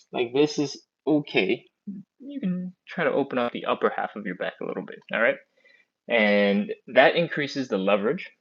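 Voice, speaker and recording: Speaking into an earbud mic on a muffled recording, a man with a lowish voice runs a live stretching class. He's chatty, encouraging, slightly winded, and takes his countdowns slowly.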